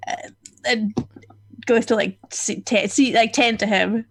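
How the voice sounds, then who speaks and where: A woman's voice: a little high, steady tone, a little slow, husky. A woman playing a tabletop role-playing game, describing her character's actions in a rambling way. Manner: rambling, full of fillers. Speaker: player. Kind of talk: tabletop role-play chat.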